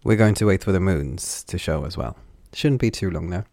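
A man's voice: low voice, moderate pace, vocal fry, darkish tone, dry recording. A man reading the part of a blunt, mischievous woman healer in a fantasy audiobook, delivering her lines dry and wry. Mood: teasing. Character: sharp-tongued teasing woman healer.

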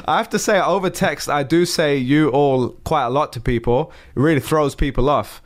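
A man's voice: a little high, normal speed. A man with a London accent hosting a podcast in a casual, upbeat way. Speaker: podcast host. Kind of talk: casual chat.

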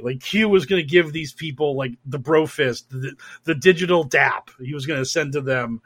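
A man's voice: fairly high pitch, moderate pace, fairly bright tone. A young man hosting a podcast, talking casually and sarcastically, swearing, stammering and restarting, and working himself up into angry rants. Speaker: podcast host. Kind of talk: casual political podcast rant.

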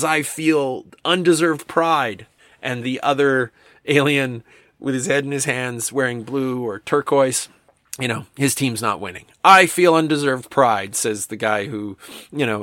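A man's voice: medium pitch, a bit bright, dry recording. A man giving a reflective talk, reading comic captions aloud in a musing, amused way. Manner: musing, amused, with restarts and chuckles. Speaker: speaker discussing comics.

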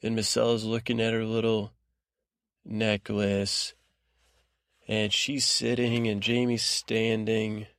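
A man's voice: lowish voice, flat delivery, takes it slowly, fairly bright tone, dry recording, clean studio sound. A man hosting a sleep podcast, giving a meandering, rambling bedtime recap that drifts off track. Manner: rambling, digressive, trailing off.

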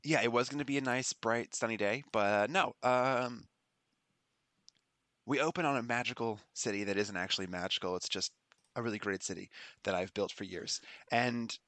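A man's voice: mid-range voice, normal speed, a bit bright, dry recording. A man narrating a tabletop game as game master, rambling and laughing as he goes. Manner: rambling, laughing, self-correcting.

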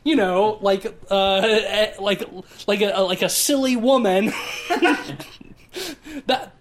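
A man's voice: high-pitched, steady tone, slow pace. A man co-hosting a podcast, chatting casually about an old movie and filling his sentences with "like". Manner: rambling, heavy use of "like". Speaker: podcast co-host.

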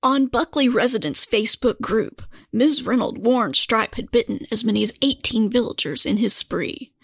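A woman's voice: a little high, moderate pace, breathy edge, no room sound, studio quality. A woman co-hosting a podcast, reading news stories aloud in casual chat. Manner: reads articles aloud with frequent laughs. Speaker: podcast co-host.

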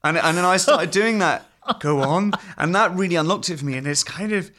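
A man's voice: high-pitched, fast, sharp tone. A man from Surrey, a guest impressionist, chatting casually with lots of laughter and rambling restarts. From Surrey, England. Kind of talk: casual chat.

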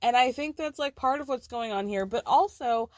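Brief: a woman with a higher voice in a dry room, a casual podcast host, chatty and giggly. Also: normal speed, no echo. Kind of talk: casual TV recap.

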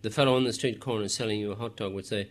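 A man narrating a novel in measured, scripted storytelling with occasional wry asides. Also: fairly low pitch, fairly even intonation. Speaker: audiobook narrator.

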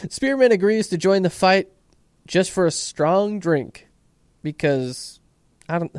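A man's voice: high voice, expressive, slow, clear, resonant tone, dry recording. A man co-hosting a podcast, recapping an episode in a laid-back way with swearing asides. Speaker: podcast co-host.

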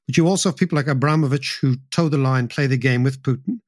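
A man's voice: medium pitch, fast talker, no room sound, studio quality. A man hosting a podcast interview, asking probing questions with stammering restarts. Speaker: podcast host.

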